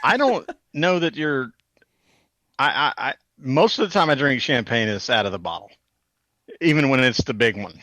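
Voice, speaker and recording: A man's voice: medium pitch, lively intonation, moderate pace, pushed and bright, dry recording. A man co-hosting a podcast, chatting in an easygoing way and chuckling often. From Atlanta area, US. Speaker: podcast co-host. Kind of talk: casual podcast chat. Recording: dry close mic.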